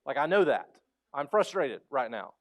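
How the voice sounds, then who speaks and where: A man preaching a sermon as pastor, animated and conversational, acting out voices and asking the congregation questions. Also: mid-range voice, normal speed. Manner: animated storytelling, acts out quoted voices; conversational, asks the crowd questions.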